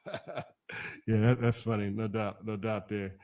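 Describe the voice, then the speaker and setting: A man's voice: lowish voice, fairly even intonation, moderate pace, darkish tone. A man co-hosting a casual live stream, talking in a laid-back, hesitant way with frequent restarts. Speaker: co-host.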